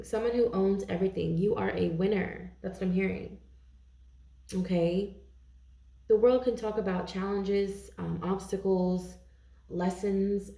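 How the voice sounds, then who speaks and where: A woman reads tarot in a loose, chatty way, her voice low-toned and mellow with a gravelly edge. She keeps checking in with her listeners as she talks. The sound has a roomy echo around it. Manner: chatty, intuitive, frequent "okay?" check-ins. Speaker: tarot reader. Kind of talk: casual tarot reading to camera.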